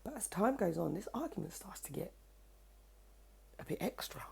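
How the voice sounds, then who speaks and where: A young woman, telling a story to camera in a casual, cheeky, animated way, swearing freely, at home. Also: fairly low pitch, moderate pace, vocal fry. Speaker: vlogger. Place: at home, indoors by her kitchen window.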